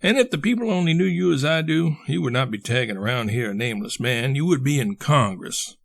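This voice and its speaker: Weary young man at the end of his rope, read by a male narrator; soft, slightly gravelly. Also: medium pitch, lively intonation, a little fast. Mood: earnest. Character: weary, despairing young man worn down by failure.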